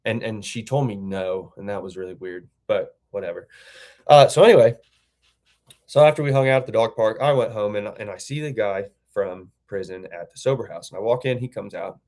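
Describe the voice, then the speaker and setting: A man's voice: lowish voice, fairly quick, darkish tone. A man, host of his channel, telling a story casually in a rambling, self-correcting way.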